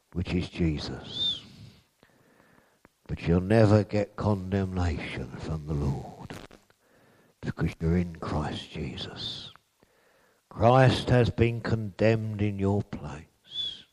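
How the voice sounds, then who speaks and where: A man's voice: fairly low pitch, dark tone. A man preaching a sermon in an earnest way, building to emphatic peaks on repeated phrases.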